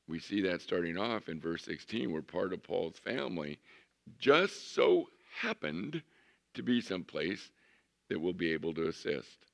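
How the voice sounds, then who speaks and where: A pastor with a low, gravelly voice preaches a sermon in a conversational storytelling style, drawing out words for emphasis.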